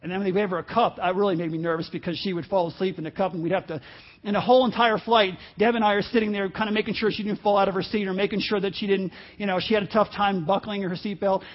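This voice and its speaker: High-voiced pastor telling a story. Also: male voice, fairly even intonation, muffled recording. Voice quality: halting, self-interrupting delivery with laughs. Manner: storytelling, swings from quiet asides to loud emphasis. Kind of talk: sermon with personal story.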